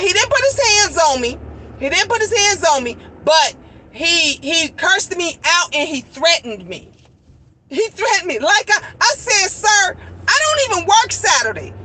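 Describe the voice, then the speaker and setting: A woman's voice: extremely high pitch, background noise. A middle-aged woman livestreaming a heated storytime rant, profane and repetitive, her voice breaking near tears. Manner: profane, repetitive, emphatic, quoting others. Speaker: vlogger streaming live.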